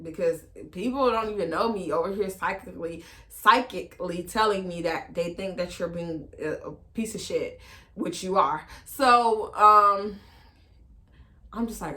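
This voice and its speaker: A woman casually telling a long personal story, animated and slangy, with lots of fillers, acting out the other voices. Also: a little slow. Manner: animated, acts out quoted voices with big pitch jumps. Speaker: storytime vlogger.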